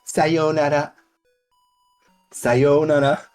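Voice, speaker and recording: A woman's voice: low-pitched, level tone, extremely slow, darkish tone, faint music behind. A woman streaming a game, chatting casually, teasing and coaxing her companion and often breaking into laughter. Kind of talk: casual live-stream chat while playing.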